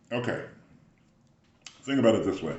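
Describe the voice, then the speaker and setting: A man giving a rambling spiritual motivational talk, often clearing his throat as he muses. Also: on the low side, sing-song, slow, darkish tone, roomy sound.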